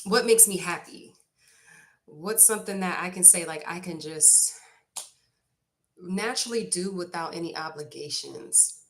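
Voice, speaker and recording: A woman's voice: on the low side, measured pace, long pauses. A woman chatting casually with viewers on a live stream, walking in from the rain and then talking at home, a bit out of breath. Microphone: phone camera.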